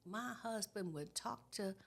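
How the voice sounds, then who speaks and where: A woman in her sixties, a guest trauma educator, explaining in an animated conversational way and checking in with "okay?". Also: medium pitch, measured pace, creaky. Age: 60s. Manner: animated, tags points with "okay?". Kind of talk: conversational teaching.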